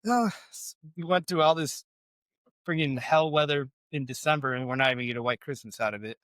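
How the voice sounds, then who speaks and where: A man's voice: mid-range voice, fairly even intonation, fast talker, a bit bright, no room sound. A man, co-hosting a podcast in rambling, self-deprecating casual chat. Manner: rambling, self-deprecating, with many fillers and restarts. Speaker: podcast co-host.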